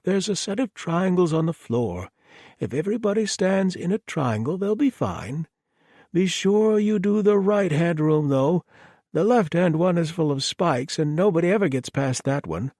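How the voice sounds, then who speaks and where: A man's voice: high voice, darkish tone, no echo, clean studio sound, voice pushed up, exaggerated voice. A man voicing a cheerful, polite, remorseless male murderer who sounds oddly reasonable, in an audiobook. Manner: chirpy, apologetic, oddly reasonable. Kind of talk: audiobook character voice.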